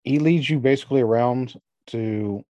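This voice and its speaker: A man's voice: medium pitch, moderate pace, mellow, dry recording, muffled recording. A man running a tabletop game as game master, describing scenes in a loose, rambling way with lots of fillers.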